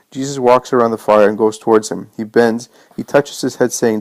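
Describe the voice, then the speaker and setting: A man narrating a religious story from a script in a measured, earnest way. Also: mid-range voice, fairly even intonation, a little mellow, no room sound.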